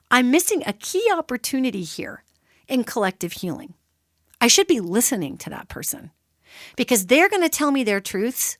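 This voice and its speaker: In a dry, studio-quality recording, a woman with a medium-pitched voice hosts a solo radio talk show. She explains ideas emphatically and conversationally, speaking straight to her listeners in an animated, teacherly way.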